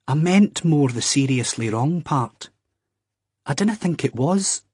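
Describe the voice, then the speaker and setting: A man's voice: on the high side, expressive, darkish tone, breathy edge, dry recording, studio quality, pitched above the performer's own voice. A man doing a nervous young Scotsman. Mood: embarrassed, halting. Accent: Scottish. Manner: hesitant, halting, drawn-out reasoning. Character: anxious young Scottish man, earnest, fumbling.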